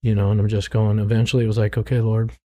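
Middle-aged man, low even voice, dark tone, earnest conversational testimony. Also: rapid-fire, dry recording. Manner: frank, earnest, repeats himself when searching for words. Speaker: guest, former drug dealer turned ministry worker.

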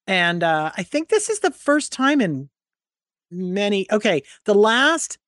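A woman's voice: mid-range voice, very animated, a little slow, fairly bright tone, dry recording, studio quality. Chatty, opinionated woman radio co-host. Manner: chatty and opinionated, with frequent restarts and laughs. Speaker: radio talk show co-host. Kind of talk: casual political talk radio chat.

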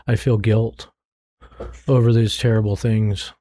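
Middle-aged man, low even voice, dark tone, earnest conversational testimony. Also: unhurried, dry recording. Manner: frank, earnest, repeats himself when searching for words. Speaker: guest, former drug dealer turned ministry worker.

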